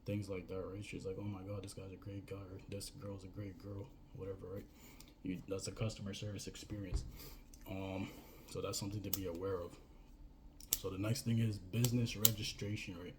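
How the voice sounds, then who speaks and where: Brief: man, even low delivery, chatty coaching monologue, keeps checking in with "right?". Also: fairly quick, background noise. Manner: rambling, repeats "right?" and "you know". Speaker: business coach. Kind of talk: casual advice monologue.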